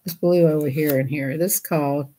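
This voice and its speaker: A woman's voice: low-pitched, fairly even intonation, a little fast, mellow, a little hiss or hum. A woman who hosts a coloring channel chats casually while she colors. She giggles a lot and keeps slipping into silly voices.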